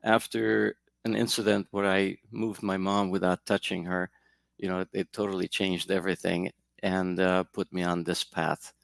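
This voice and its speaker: A man with a very deep, gravelly voice answers interview questions. He tells his story in a reflective, meandering way. His voice sounds dry and close, with no room echo. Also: flat delivery, normal speed. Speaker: guest, energy healer.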